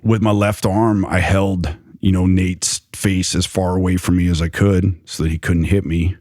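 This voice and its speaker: Deep-voiced man telling his story. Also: steady tone, moderate pace, a little mellow, no echo, studio quality. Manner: loose, rambling with many fillers. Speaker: storyteller recounting his past. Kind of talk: personal story in conversation.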